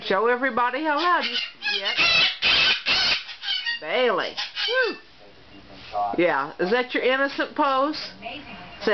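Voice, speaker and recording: An older woman coos to her pet in a high, swooping sing-song, drawing her words out slowly and breaking into soft laughs. It sounds like a lo-fi home video with steady hiss, a television murmuring in the room. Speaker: pet owner filming her parrot. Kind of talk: coaxing pet talk. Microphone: home video camera.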